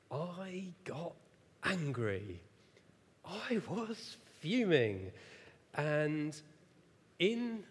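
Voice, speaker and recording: Animated preacher man in an echoey hall. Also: fairly high pitch. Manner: self-mocking, animated storyteller who laughs at himself. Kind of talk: sermon with personal storytelling. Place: church hall.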